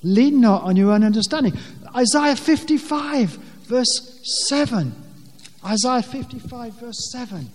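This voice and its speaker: A man preaching a sermon from a pulpit, speaking earnestly in plain words, often restarting his sentences and rising loudly when he quotes scripture. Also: extremely high pitch, lively intonation, a little slow, big-room sound. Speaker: pastor. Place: church with a pulpit, long reverb.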